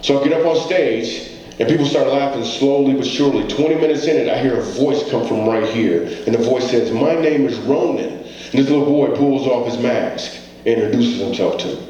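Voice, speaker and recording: On stage before a live audience, a comedian delivers an earnest motivational talk, telling stories and posing rhetorical questions. His mid-range voice is fairly quick and dark, with highs cut off, recorded in a very echoey hall with faint background noise.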